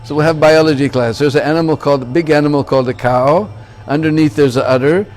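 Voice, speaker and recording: A man's voice: fairly high pitch, quick pace, darkish tone, faint music behind. A man giving a temple sermon, telling a story and checking in with listeners by asking "Hmm?" and "Huh?". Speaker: religious lecturer.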